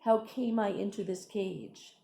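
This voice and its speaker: A woman voicing a polite, weary older man, speaking slowly and courteously. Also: mid-range voice, steady tone, vocal fry, mellow, a little hiss or hum, voice pushed up. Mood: wary.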